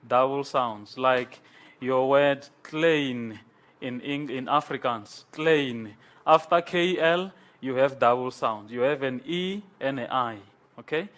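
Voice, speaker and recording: A man's voice: medium pitch, a bit bright. A man lecturing a class, repeating key words, mixing in Afrikaans and quizzing students. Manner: slow, repetitive, switches between English and Afrikaans, asks the class questions. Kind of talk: university lecture. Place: lecture room.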